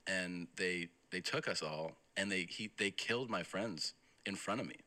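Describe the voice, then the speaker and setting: Deep-voiced man telling a wild story. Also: moderate pace. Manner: profane, animated storytelling that quotes others. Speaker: podcast guest. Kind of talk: casual anecdote.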